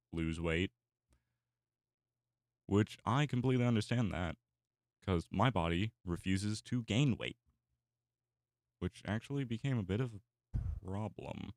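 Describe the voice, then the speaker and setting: A young artist and YouTuber chats casually as he draws, rambling with lots of fillers and restarts. His voice is low, and the studio-quality recording has no room sound.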